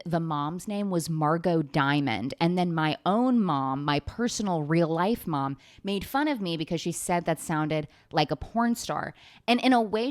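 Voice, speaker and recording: A young woman with a slightly low voice hosts her own talk show. She rambles through a comedic recap, sarcastic and quick to swear, often breaking into laughter. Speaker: podcast host.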